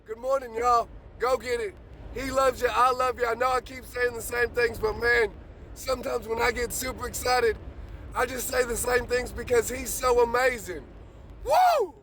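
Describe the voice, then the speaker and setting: A man giving an excited morning pep talk, shouting and whooping with joy. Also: very high-pitched, moderate pace, slight background noise. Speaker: vlogger.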